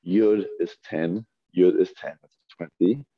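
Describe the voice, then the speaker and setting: A man's voice: low voice, slow pace, no room sound, phone-quality sound. A man teaching a Hebrew reading class, patiently sounding out syllables one by one for his students. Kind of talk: classroom lesson. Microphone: earpiece mic.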